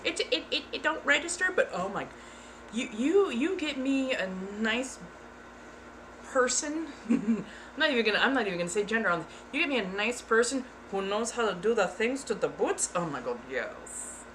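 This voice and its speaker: In a fairly high, somewhat bright voice, a woman ASMR streamer makes casual conversation, very animated at a moderate pace. She's frank and giggly and occasionally puts on playful voices, with a little background noise.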